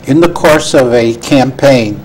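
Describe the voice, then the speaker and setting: A man's voice: mid-range voice, a little slow, a little mellow, low-quality recording. An opinionated man gives firm views as a guest on a political roundtable. His voice sits mid-range, with faint noise behind it. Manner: opinionated, emphatic. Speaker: guest commentator. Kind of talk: political discussion.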